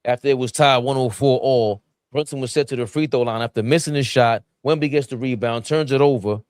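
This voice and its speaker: A man's voice: mid-range voice, fairly quick, darkish tone, clear, resonant tone, no room sound. A man in a middle register recaps the game's final moments play by play, telling it with some drama. The sound is dry and close.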